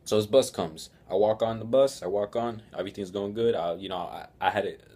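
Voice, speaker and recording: Casual teen guy vlogger, low deep voice, profane storyteller. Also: a little fast, mellow. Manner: rambling, profane, laughing.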